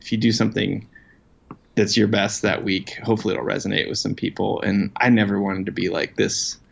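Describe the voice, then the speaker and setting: A man's voice: lowish voice, creaky. A man being interviewed as a guest, talking in a casual, self-deprecating, rambling way with lots of fillers. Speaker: guest, outdoor writer. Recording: dull lo-fi sound.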